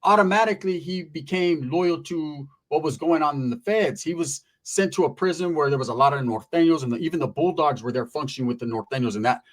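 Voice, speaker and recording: Slangy cali dude telling a story, kinda high voice, swears a lot. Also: male voice, a little fast, few pauses. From Merced area, California. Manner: streetwise, slangy, profane. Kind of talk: casual storytelling.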